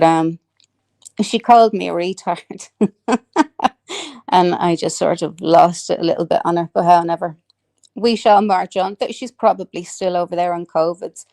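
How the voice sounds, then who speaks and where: A woman's voice: on the low side, vocal fry, darkish tone. An Irish woman chatting casually with viewers on a live stream, swearing freely, laughing a lot and reading out comments.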